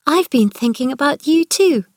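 A woman's voice: high-pitched, expressive, moderate pace, dry recording, clean studio sound, voice pushed up. A woman reading aloud, voicing an earnest, curious young girl. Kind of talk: read-aloud storybook dialogue.

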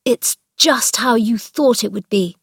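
A woman reading a storybook puts on a pale, sickly young boy who bursts with eager questions. He speaks slowly, asking breathlessly for more. The recording is dry and close. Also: on the high side, slightly rough, no echo.

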